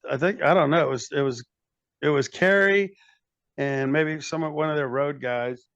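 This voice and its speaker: A man's voice: a little high, moderate pace, fairly bright tone, dry recording, lo-fi sound. Rambling older man telling road stories. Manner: rambling anecdotes with acted quotes and restarts. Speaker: podcast guest, metal band frontman. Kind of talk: casual storytelling chat.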